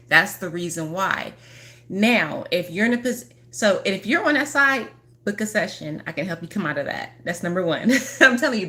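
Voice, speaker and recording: A woman's voice: medium pitch, a bit bright. A woman healer giving a chatty, urgent astrology reading to camera, repeating herself for emphasis and acting out what her viewers feel. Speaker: spiritual healer.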